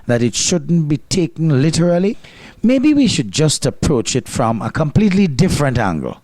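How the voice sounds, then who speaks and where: A man's voice: mid-range voice, darkish tone, no echo. A man with a Grenadian accent hosting a program, delivering scripted commentary with a wry, lightly sarcastic edge. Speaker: host.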